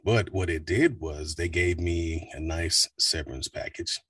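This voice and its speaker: Deep-voiced man, husky and relaxed. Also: unhurried, no room sound, distant mic. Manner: relaxed, rambling storyteller with fillers. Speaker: voice actor guest. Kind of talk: casual interview chat.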